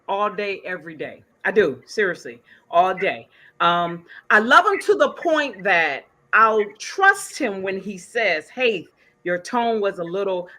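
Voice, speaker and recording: A woman guest chats candidly on a podcast, acting out little exchanges as she goes. Her voice is bright and her pitch swoops widely. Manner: animated, candid, acts out quotes. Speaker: podcast guest, business owner. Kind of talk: casual chat.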